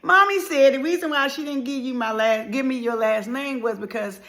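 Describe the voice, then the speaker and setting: A woman's voice: high-pitched, normal speed, sharp tone, a little hiss or hum. A middle-aged woman and life speaker telling a painful personal story with dramatic emotion, at times sinking to near whispers. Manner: dramatic, acts out dialogue, drops to near whispers.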